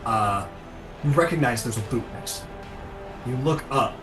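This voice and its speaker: A man's voice: mid-range voice, moderate pace, far from the mic. A man narrating a tabletop game as game master, rambling with many fillers. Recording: echoey room, music behind.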